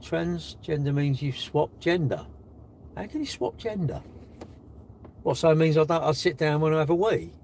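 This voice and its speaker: An older man runs a casual live-stream, cockily teasing viewers as he reads their messages. His voice sits on the high side, expressive at normal speed, darkish in tone, with a faint hiss or hum.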